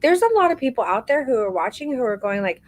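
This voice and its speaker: A woman hosting a live online photography class, talking warmly and encouragingly to her students, calling them "baby" and stretching out words for emphasis. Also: on the high side, very animated, fast, poor audio. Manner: warm encouraging, calls people baby. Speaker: photography course instructor.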